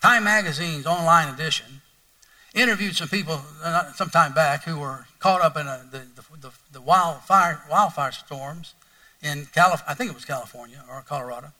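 Animated preacher man, bright and distant. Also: fairly high pitch, moderate pace. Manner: animated, conversational, asks the congregation questions. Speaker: pastor. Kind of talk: sermon.

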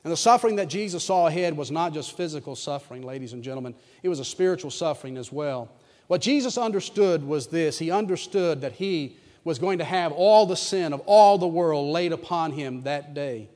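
A pastor preaching a sermon with dramatic swings from hushed tones to loud, wailing emphasis. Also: male voice, on the high side, lively intonation, brisk, long reverb tail.

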